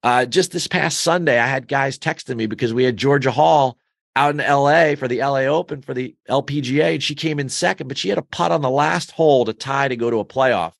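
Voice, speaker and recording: A man's voice: mid-range voice, fairly quick, creaky, dry recording, clean studio sound. A man being interviewed as a guest, talking with enthusiasm in a rambling way with many fillers. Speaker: golf betting newsletter founder, guest. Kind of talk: podcast interview.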